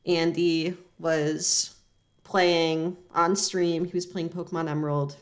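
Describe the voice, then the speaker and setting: A woman co-hosting a comedy podcast, talking in a dry, rambling, deadpan way. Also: on the low side, slow. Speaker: podcast co-host.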